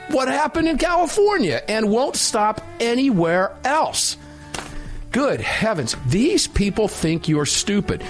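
A man hosting a talk radio show, giving opinionated commentary in an emphatic, sarcastic way. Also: sits high.

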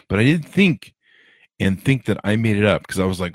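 A man's voice: sits low, moderate pace, a little mellow, no echo, clean studio sound. A man hosting his own live internet radio show, rambling casually with crude jokes and self-mocking asides. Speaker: podcast host. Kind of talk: casual live-stream chat.

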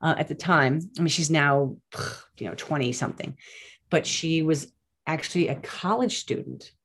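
A woman, a nurse and guest on an interview, telling stories in an animated, chatty way with many restarts. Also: low voice, moderate pace, slightly rough. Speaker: nurse and plant-based diet advocate, guest. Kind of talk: casual interview storytelling.

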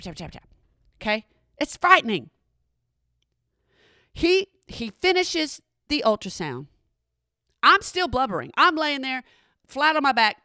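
A woman telling a funny personal story in an animated, exasperated way, talking straight to her listeners. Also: high-pitched, no room sound, studio quality. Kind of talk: comedic storytelling monologue.

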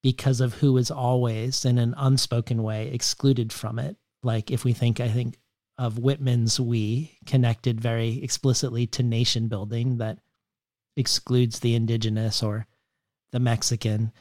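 A man interviewing guests, setting up questions carefully and deliberately with literary references. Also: mid-range voice, level tone, darkish tone, dry recording. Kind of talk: prepared interview questions with read quotations.

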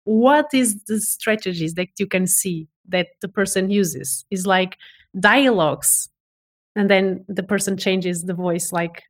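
A woman's voice: medium pitch, unhurried. Woman voice expert chatting on an interview, keen, trips over words and restarts a lot. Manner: enthusiastic, many restarts and repeated words. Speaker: voice expert guest. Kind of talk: casual interview chat.

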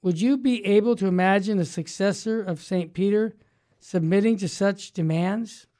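A man hosting a religious talk radio show, teaching with fervent emphasis that builds to loud exclamations. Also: sits high, normal speed.

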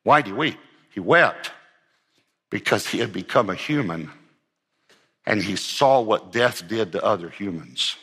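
A man's voice: fairly low pitch, lively intonation, a little slow, long pauses, sharp tone, breathy edge, in a large hall. A man preaching a sermon as pastor, earnest and emphatic, driving points home with repeated phrases.

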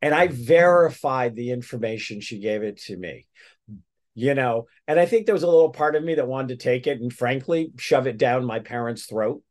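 A man's voice: medium pitch, normal speed, darkish tone. A man telling a story as a guest in a casual interview, rambling with many restarts.

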